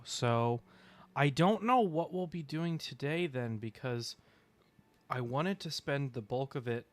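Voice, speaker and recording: A young man chatting casually on a game stream, rambling with fillers, clearing his throat and hiccuping now and then. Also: medium pitch. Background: faint music.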